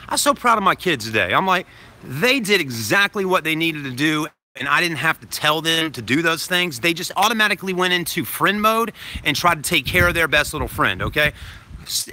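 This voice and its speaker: A man's voice: fairly high pitch, bright, forceful tone, a little hiss or hum. A man, a dad vlogging into his phone outside a grocery store, telling a story in a rambling way and adding "okay?" after his points. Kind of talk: casual storytelling to camera. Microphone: phone held to self.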